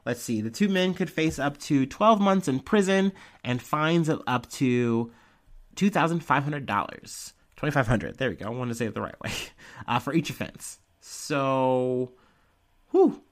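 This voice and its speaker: A man's voice: medium pitch, lively intonation, a little slow. A man from Ohio, hosting a podcast and rambling through casual news commentary with lots of fillers and swearing. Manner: rambling, profane, with frequent fillers and laughs. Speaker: podcast host.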